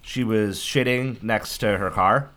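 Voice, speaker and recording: A man telling blunt, animated work stories in a casual podcast chat. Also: on the low side, measured pace, a little hiss or hum. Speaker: podcast co-host.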